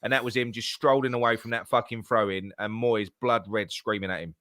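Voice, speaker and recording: Heated sweary football fan. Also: male voice, on the low side, steady tone, a little fast, a bit bright, no echo, clean studio sound. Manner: swears a lot, stumbles and restarts, heated. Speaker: podcast co-host. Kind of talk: casual football chat.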